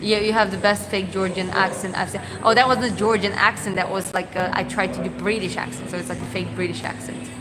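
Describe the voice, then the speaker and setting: A woman chatting casually on a live stream as a fitness coach, talking in halting bursts full of fillers and restarts. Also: mid-range voice, steady tone, background noise. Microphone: clip-on mic put on mid-stream.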